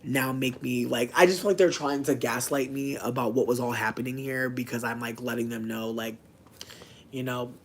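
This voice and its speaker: A man's voice: medium pitch, fairly even intonation, moderate pace. A man talking candidly in a casual vlog monologue, frank and chatty, swearing often and filling his speech with "like". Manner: chatty, frank, swears a lot, many "like" fillers. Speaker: vlogger. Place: indoors at home.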